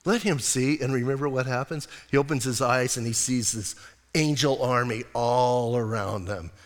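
A male pastor giving a sermon in a church, telling stories in a casual, animated way. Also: medium pitch, normal speed. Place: church sanctuary. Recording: long church reverb.

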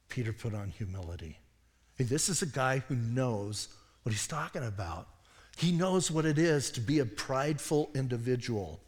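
A man preaching a sermon as pastor, animated and self-deprecating, dropping to quiet asides as he tells stories. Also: medium pitch, slightly rough. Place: church sanctuary. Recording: long hall reverb.

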